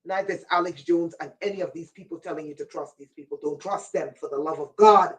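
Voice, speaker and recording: A woman's voice: deep voice, fast, distant mic, poor audio. A woman hosting a livestream, delivering a rambling, intense monologue in a warning tone and answering viewers' chat comments by name. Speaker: livestream host.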